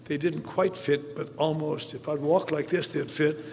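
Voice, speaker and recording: A man's voice: on the high side, steady tone, moderate pace, creaky, background noise. An older man giving a humorous storytelling talk as a recovery meeting speaker, with a wry manner and acting out the dialogue in his stories. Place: large convention hall. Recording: live talk with long hall reverb.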